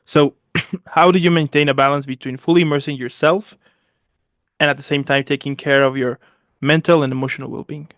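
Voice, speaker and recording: A man's voice: a little high, fairly even intonation, fairly quick, a bit bright, dry recording, clean studio sound. A man hosting an interview show, encouraging his guest with repeated short affirmations. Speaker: show host. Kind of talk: casual interview chat.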